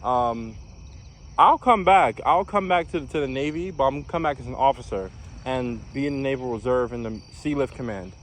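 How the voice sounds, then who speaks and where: A man's voice: medium pitch, moderate pace, a bit bright, slight background noise. A young man from New York, a former navy recruit, telling his story in a casual vlog with lots of fillers and restarts. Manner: rambling, many fillers and restarts.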